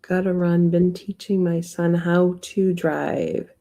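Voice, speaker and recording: A woman's voice: fairly low pitch, level tone, slow, dark tone. A woman hosting a livestream in casual chat, greeting viewers by name. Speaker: livestream host.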